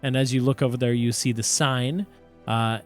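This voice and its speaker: A man narrating a tabletop game as game master, relaxed with many fillers. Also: medium pitch, normal speed, faint music behind. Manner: relaxed, lots of fillers and self-corrections.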